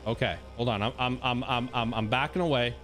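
A man streamer giving excitable live gameplay commentary to his chat, swinging between hushed talk and shouting. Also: mid-range voice, brisk, a little hiss or hum.

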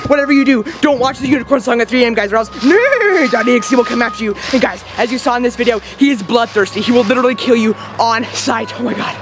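A woman's voice: on the high side, fast, few pauses, over music. A woman YouTuber hosting a comedic horror-challenge vlog, shrieking and laughing in exaggerated mock terror. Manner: mock-terrified, melodramatic, yelling and cackling.

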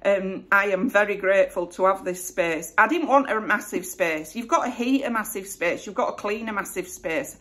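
A woman's voice: mid-range voice, normal speed, hardly any pauses, fairly bright tone. A middle-aged woman from Bradford with a West Yorkshire accent, chatting casually and rambling through a Q&A vlog. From Bradford, England. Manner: chatty, rambling, self-correcting. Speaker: vlogger. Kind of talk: casual Q&A chat.

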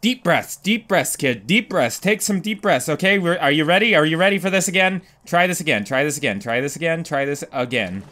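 A young man commentating a video game as he plays, swearing, panicking loudly and laughing at himself. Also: on the high side, a little fast, hardly any pauses. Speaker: gaming commentator. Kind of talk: let's play commentary. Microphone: desk microphone.

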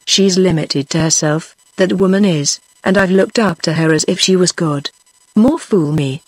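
A woman's voice: fairly low pitch, normal speed, no echo, close to an everyday voice. Synthetic woman reading a bitter angry man. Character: bitter, angry middle-aged working man.

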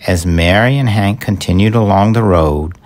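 A man reading a children's storybook aloud as narrator, in a measured, gentle manner. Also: low voice.

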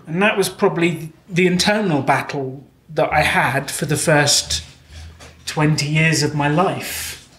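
A man with a British accent answers audience questions on a live stage, candid and quick to poke fun at himself. His voice sits a little high, and the hall around him rings with echo. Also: a bit bright. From Britain. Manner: candid, self-deprecating, quick. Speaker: guest speaker. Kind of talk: live Q&A storytelling. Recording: echoey live venue.

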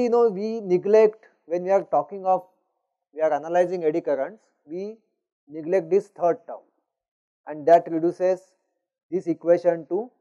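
A man's voice: fairly high pitch, mellow, lo-fi sound. A male university lecturer, explaining engineering concepts in a recorded lecture, often checking in with "is it not?". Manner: explanatory, frequent "you know" and "is it not?".

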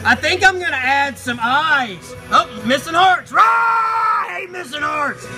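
A man voicing a crude, foul-mouthed, grumpy male box monster who hosts a live stream with shouty, mock-outraged rants. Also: very high-pitched, expressive, measured pace, low-quality recording. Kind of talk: live stream chat in character. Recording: music playing behind the voice.

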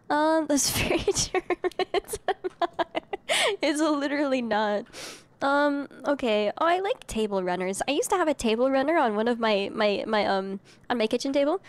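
A high-pitched young woman streaming a horror game live, chatting loosely with her viewers. She swears casually and keeps the talk loose and unscripted. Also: expressive, moderate pace. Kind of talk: live gameplay commentary.

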